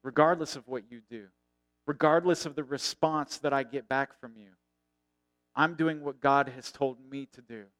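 Middle-aged male pastor, earnest sermon delivery, smooth resonant voice, soft drops to near-whisper. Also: medium pitch, normal speed, dry recording. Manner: earnest preaching that swells and then drops to a hush.

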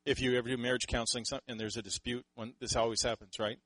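A Canadian man delivers a sermon in a casual, animated way, slipping into little acted quotes of how people talk. His voice sits at an ordinary middle pitch, recorded close and dry with no room sound. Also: fast, dry recording, rough recording. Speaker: pastor.

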